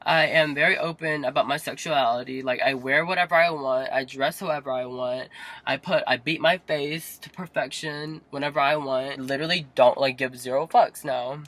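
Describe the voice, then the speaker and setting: A young man telling a personal story to the camera from inside a parked car, chatty and dramatic, full of "like", jumping up high and loud when he quotes himself. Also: normal speed. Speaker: vlogger.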